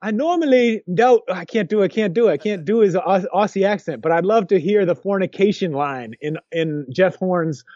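A man co-hosting a casual sports chat, rambling and restarting his sentences with lively energy, on a dull lo-fi recording. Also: sits high, moderate pace, few pauses, no room sound. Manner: rambling, lots of restarts, animated. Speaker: podcast co-host. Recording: dull lo-fi dry sound.

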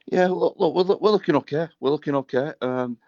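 A man's voice: on the high side, brisk, no room sound, muffled recording. A man with a northern English Wigan accent, a rugby league club chief chatting easily and matily as a guest on the radio from his office. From northern England. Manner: easygoing, matey banter. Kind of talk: casual radio chat on a call.

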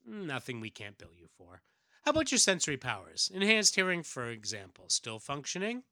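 A man's voice: fairly high pitch, wildly swooping pitch, brisk, pushed and bright, no room sound, heavily acted. Man reading as a dry clinical scientist.

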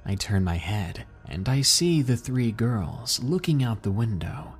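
A man narrating a scary first-person story for a podcast in a measured, suspenseful way. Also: fairly low pitch, big pitch swings, breathy edge. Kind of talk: scripted horror narration. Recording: soft music behind.

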